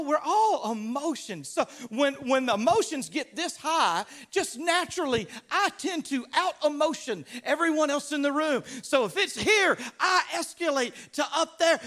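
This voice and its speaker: With a very high voice and a Southern US accent, this Louisiana pastor gives a sermon full of animated, humorous stories. He acts out the voices of the characters as he goes.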